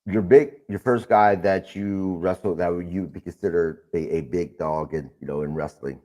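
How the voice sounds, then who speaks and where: Low-voiced man hosting a wrestling podcast. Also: steady tone, normal speed, a little mellow. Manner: loose, rambling questions. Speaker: podcast host. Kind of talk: casual interview.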